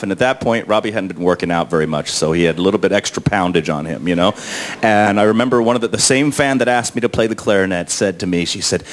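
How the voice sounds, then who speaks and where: A man on a convention press panel, telling an anecdote with lively delivery and acting out other people's voices. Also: quick pace. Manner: acts out other people's voices in high tones.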